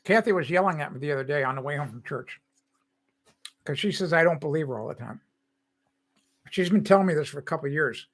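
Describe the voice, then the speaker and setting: A man's voice: on the high side, fairly bright tone. A man in his sixties from the United States, hosting a live stream and talking casually in a rambling way while he reads and answers chat comments.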